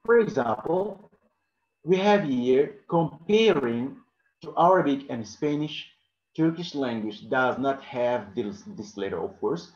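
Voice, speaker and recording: A man teaching English pronunciation to a class, repeating each example word slowly, in non-native English with small grammar slips. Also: medium pitch, lively intonation, a little mellow. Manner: repeats words slowly to model them. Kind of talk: classroom lesson. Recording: roomy, dull-sounding classroom recording.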